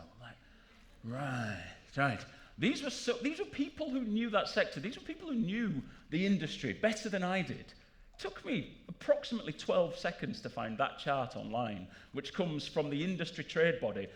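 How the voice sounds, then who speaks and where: A man giving a jokey, animated conference talk to a live audience in a large room. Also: a little high, a little fast. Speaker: conference speaker.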